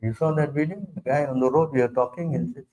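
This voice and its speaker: A man, a spiritual teacher giving an informal religious talk. He speaks emphatically, keeps asking whether listeners understand, and acts out other people in a lowered voice. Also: fast talker, warm tone, rough recording. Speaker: spiritual teacher answering questions.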